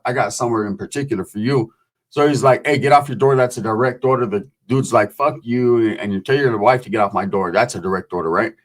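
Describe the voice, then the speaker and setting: A man hosting a show, telling prison stories casually, profane and streetwise. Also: mid-range voice. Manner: profane, streetwise, acts out voices in quotes. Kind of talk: casual storytelling.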